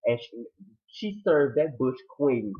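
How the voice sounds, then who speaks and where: A man recapping a TV drama episode in a casual, animated retelling, acting out the characters' lines and his own reactions. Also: mid-range voice, slow pace. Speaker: TV show reviewer. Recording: tinny phone-like audio.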